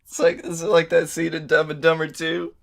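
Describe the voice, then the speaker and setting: A man co-hosting a podcast, teasing his friend with wry, deadpan jokes. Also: fairly high pitch, fairly quick, vocal fry. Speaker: podcast co-host. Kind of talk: casual comedic chat.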